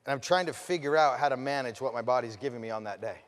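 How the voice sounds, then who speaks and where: A man telling a personal story as a motivational speaker, swinging between loud, fired-up bursts and hushed passages, and asking the audience direct questions. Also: medium pitch, fast, big-room sound. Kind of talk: storytelling keynote speech.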